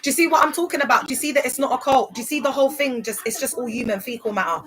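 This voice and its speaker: A young woman hosts a casual livestream, telling her story emphatically and chattily while repeatedly asking "do you get it?" to make sure listeners follow. Her high voice is very fast with a fairly bright tone, and the recording quality is low.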